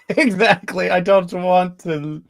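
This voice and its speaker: A man chatting casually on a live stream as a guest, relaxed and joking, showing his craft work. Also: sits high, slow pace, vocal fry. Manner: relaxed, joking, laughs often.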